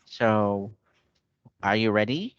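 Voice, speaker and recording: A man's voice: on the low side, slow pace, no room sound. A man teaching an online English lesson, patient and repetitive, checking in often with his student. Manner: patient, repeats and checks with "okay?". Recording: dull lo-fi online call audio.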